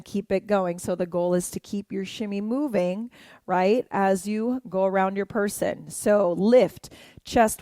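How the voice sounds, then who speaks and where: A woman's voice: medium pitch, normal speed, mellow, no room sound, studio quality. A woman dance instructor explaining moves and counting beats aloud while she dances, in an encouraging, explanatory way. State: moving while talking.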